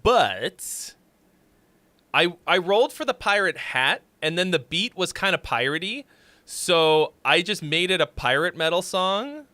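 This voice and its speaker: Man, livestream host, casual rambling chat, crisp voice, dry sound. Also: sits high, big pitch swings, measured pace, no room sound. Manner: rambling, jokey, with sudden loud shouts. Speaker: livestream host reviewing songs.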